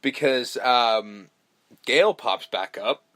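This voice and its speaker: A man co-hosting a casual podcast, his voice sitting at an ordinary middle pitch. He walks through a film scene with lots of profanity and acts out the lines he quotes. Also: takes it slowly. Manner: profane, animated retelling with acted-out quotes. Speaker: podcast co-host. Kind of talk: casual movie recap chat.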